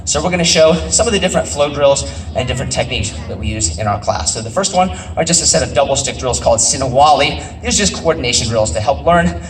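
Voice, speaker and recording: A man's voice: medium pitch, animated, fast talker. A man, a martial arts instructor, explaining a live demonstration to a festival crowd in a plain, matter-of-fact way. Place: outdoor festival. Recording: echoey, distant, faint outdoor noise.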